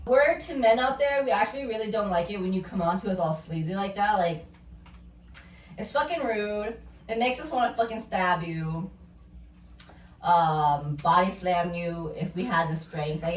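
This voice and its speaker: A woman's voice: fairly low pitch, slight background noise. A woman in her thirties tells stories in casual chat, bluntly, with heavy swearing and constant filler words. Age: 30s. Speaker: podcast co-host. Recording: roomy echo from a distant mic with faint ambience.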